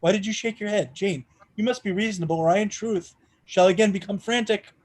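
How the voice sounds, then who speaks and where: A man reading the part of a passionate, brooding gentleman in an audiobook, with an impassioned, pleading delivery. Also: sits high, fairly quick. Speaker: reader in a charity readathon.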